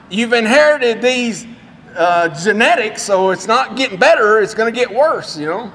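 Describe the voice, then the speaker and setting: A man's voice: high-pitched, animated, normal speed, fairly bright tone, slight background noise. A middle-aged man preaching a sermon in an earnest, conversational way with folksy asides. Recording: long hall reverb.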